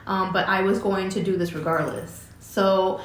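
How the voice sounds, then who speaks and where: A middle-aged woman telling a personal story, halting and emotional, with many fillers and restarts. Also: mid-range voice, fairly even intonation, echoey room. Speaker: vlogger telling her story.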